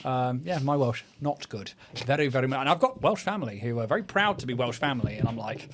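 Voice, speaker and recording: A man's voice: medium pitch, expressive, a little fast, background noise. A man running a tabletop game, mixing casual, swearing banter and ums with game narration over faint music. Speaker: game master.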